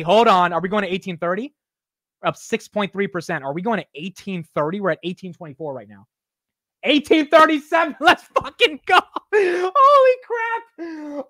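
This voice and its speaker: Man, high voice, excitable, exclamatory, live market stream host, dry close sound. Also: dry recording.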